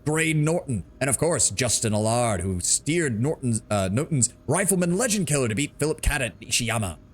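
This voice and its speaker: A man's voice: mid-range voice, sing-song, moderate pace, husky, voice pushed up. A man putting on an over-the-top voice as a brash, boastful male mech pilot and commentator in a video game. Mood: cocky.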